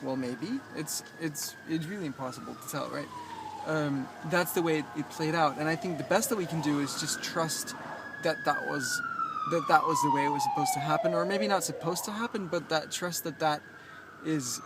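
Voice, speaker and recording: A man speaking casually outdoors on a rooftop, his voice sitting a touch higher than most men's. He hesitates often, filling gaps with ums and restarting words, yet settles into a reflective, reassuring coaching tone. Faint traffic hums behind him. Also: wildly swooping pitch, normal speed. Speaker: life coach. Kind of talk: casual vlog monologue.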